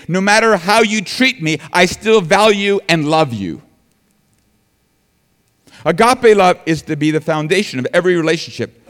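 Earnest preaching man, lively pitch. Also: long reverb tail. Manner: earnest preaching with rising emphasis and restarts. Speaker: pastor. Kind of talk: sermon.

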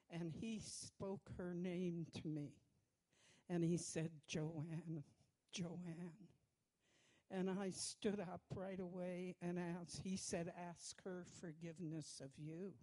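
A woman's voice: on the low side, mellow, poor audio. A woman from the congregation sharing a personal testimony in an earnest storytelling manner. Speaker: church member giving testimony.

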